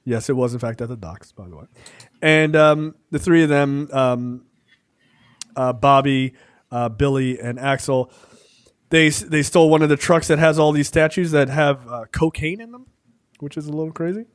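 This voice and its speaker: A man co-hosting a casual film review podcast, talking loosely with many fillers and acting out scenes in quick quoted voices. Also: a little high, no room sound, clean studio sound. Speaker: podcast co-host.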